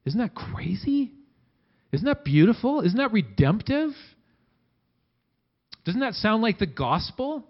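Guy preaching, chatty and animated, kinda high voice, muffled audio. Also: unhurried, pauses often. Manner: conversational preaching, acting out quotes with big swings in pitch and loudness. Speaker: pastor. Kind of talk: sermon.

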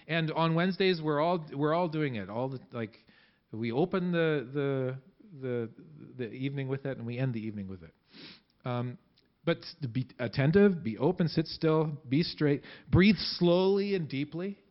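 A man gives a relaxed, conversational sermon to his church, restarting his sentences as he goes. His voice sits a little high for a man. The recording is muffled and lo-fi, as if taped in the sanctuary. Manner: conversational, halting with many restarts. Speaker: pastor.

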